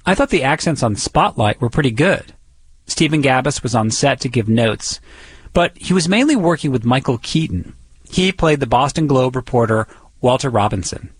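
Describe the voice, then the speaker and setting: A man's voice: mid-range voice, expressive, normal speed, slightly rough, no echo, rough recording. A man reporting a radio feature and interviewing a guest in a curious, chatty way.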